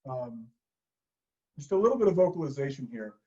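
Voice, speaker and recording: A man leading a choir through vocal warm-ups, coaching in a calm, encouraging way. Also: mid-range voice, a little fast, dull audio. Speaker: choir director.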